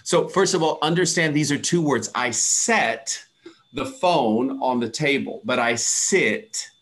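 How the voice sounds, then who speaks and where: A man's voice: mid-range voice, slow pace, a bit bright. A man from the USA, an English pronunciation teacher, patiently answering student questions on a video call. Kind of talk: answering questions in an online class.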